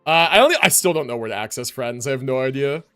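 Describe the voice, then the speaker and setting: A young man streaming a game, talking casually and excitedly, often laughing and swearing. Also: mid-range voice, fast talker, smooth, faint music behind. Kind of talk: casual livestream commentary.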